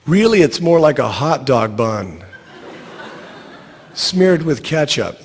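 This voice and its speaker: A middle-aged man reading his own short story aloud in a dry, even storytelling manner. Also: fairly high pitch, takes it slowly, in a large hall, a little hiss or hum.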